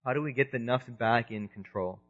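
A man's voice: mid-range voice, brisk. A man giving an Islamic sermon, earnest and emphatic, sometimes acting out the voices he quotes. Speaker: preacher. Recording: dull lo-fi sound.

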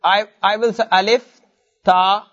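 High-voiced man teaching Arabic. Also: steady tone, a little slow, fairly bright tone, highs cut off. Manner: explains step by step, repeats words, reads Arabic verses aloud. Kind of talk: classroom lesson.

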